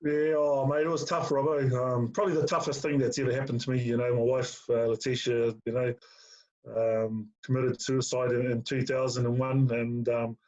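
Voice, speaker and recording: Here a middle-aged ex-player being interviewed speaks at normal speed with a mid-range, darkish voice that barely moves in pitch. Filler-heavy stories fill the casual chat, and he addresses the host as mate, all on a dull lo-fi recording.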